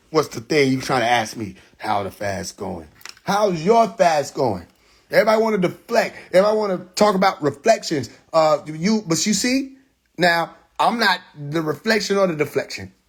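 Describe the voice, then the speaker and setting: Streaming live to social media from his phone, a man tells a story in loose slang, laughing frequently. His voice is a little high with a breathy edge.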